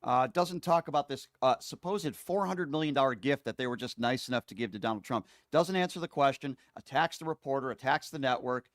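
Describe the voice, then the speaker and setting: A man's voice: mid-range voice, a little fast, few pauses, dry recording. A man hosting a political talk show, chatty and emphatic, with lots of fillers. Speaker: host. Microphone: streaming setup microphone.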